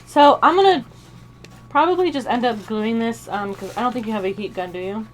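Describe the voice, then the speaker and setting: A woman's voice: on the high side, brisk. A woman cosplayer joins a casual chat. She talks in an easy way and drops wry, dry jokes along the way. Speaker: cosplayer guest.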